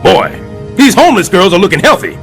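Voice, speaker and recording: A man voicing a brash, scheming middle-aged building superintendent in a cartoon, loud and sarcastic. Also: sits high, very animated, a little fast, creaky, faint music behind, full character voice. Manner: loud, sarcastic wisecracking, jumps between growls and squeals. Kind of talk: stop-motion cartoon voice acting.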